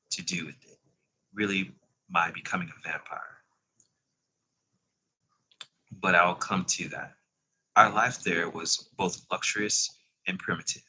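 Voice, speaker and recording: A calm, centuries-old male vampire speaks in a low, husky voice with a sharp, bright edge, as a man reads him aloud. He tells his story in a measured, unhurried way, like a novel read aloud. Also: exaggerated voice, low-quality recording.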